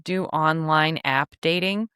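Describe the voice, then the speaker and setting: A woman's voice: deep voice, slow, bright, forceful tone, clear, resonant tone, dry recording, studio quality. A woman hosting a casual teaching podcast for travel advisors, talking in a chatty, frank way with joking asides. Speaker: podcast host, travel agency coach.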